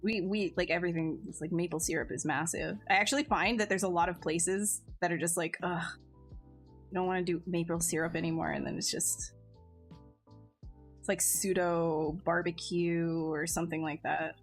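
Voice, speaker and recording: A woman's voice: lowish voice, fairly even intonation, moderate pace. Bubbly chatty streamer woman. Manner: bubbly, chatty, laughs often, many likes and restarts. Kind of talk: casual chat with live chat. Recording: faint music behind.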